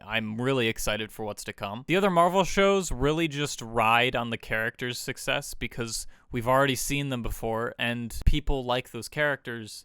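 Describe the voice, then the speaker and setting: Young male vlogger, offhand and jokey, smooth crisp voice, dry close mic. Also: mid-range voice, sharp tone, no room sound. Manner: joking, offhand, self-correcting. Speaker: YouTube reviewer. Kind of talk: casual video review.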